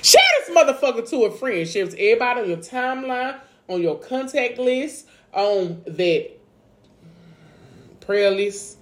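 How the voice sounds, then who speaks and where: Upbeat higher-voiced woman podcast host. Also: expressive, normal speed. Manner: hypes, plugs links, laughs along. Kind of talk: casual chat.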